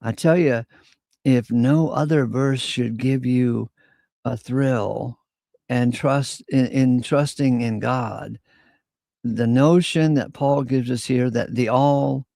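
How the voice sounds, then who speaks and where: A man's voice: medium pitch, steady tone, vocal fry, dark tone, no echo. A man teaching a Bible passage verse by verse, reading scripture aloud and adding casual asides. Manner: reads scripture slowly, then comments in casual asides. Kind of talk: informal Bible study teaching.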